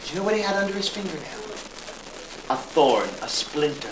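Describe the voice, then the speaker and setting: A man telling a story live to children, animated and often asking them questions. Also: fairly high pitch, fairly quick. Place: library room. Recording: echoey library room, distant mic, hiss.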